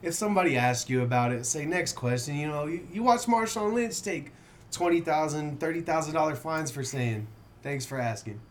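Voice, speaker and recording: A man in a casual chat among friends, telling animated, profane stories. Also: on the high side, normal speed. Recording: crowd noise behind.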